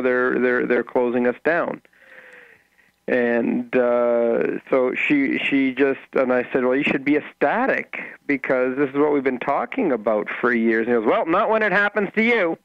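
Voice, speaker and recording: A man who is a guest on a radio talk show, chatting casually in a rambling, halting way with many restarts. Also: mid-range voice, gravelly, dry recording, highs cut off. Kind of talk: casual chat.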